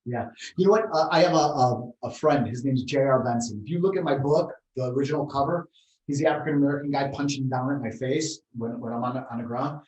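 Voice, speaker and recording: Guy chatting on a podcast, rambling animated stories, echoey room, kinda far from the mic. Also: medium pitch, fast talker. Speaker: martial arts podcast co-host. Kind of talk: casual chat. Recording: roomy, set back from the mic.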